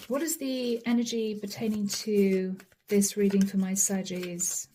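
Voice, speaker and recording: A woman's voice: mid-range voice, steady tone, moderate pace, mellow, a little hiss or hum. A woman giving a channeled tarot reading to her viewers, chatty and dramatic, acting out little quotes as she lays down the cards. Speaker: tarot reader.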